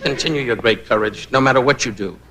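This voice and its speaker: A man doing rapid-fire insult comedy at a roast, mimicking voices. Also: mid-range voice. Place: banquet hall stage. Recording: old roast broadcast, roomy, loud noise.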